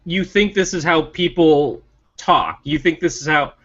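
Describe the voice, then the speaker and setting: A man's voice: a little slow, fairly bright tone. Male co-host with firm TV opinions, emphatic delivery, slightly muffled recording. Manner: opinionated, ranting, rising emphatic pitch. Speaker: podcast co-host. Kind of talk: casual chat about TV. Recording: dull lo-fi sound.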